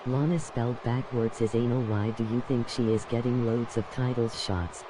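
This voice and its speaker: A man drops flat, offhand comments into a game stream. His voice sits in a middle register, with loud street and traffic noise heard behind him. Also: medium pitch, moderate pace.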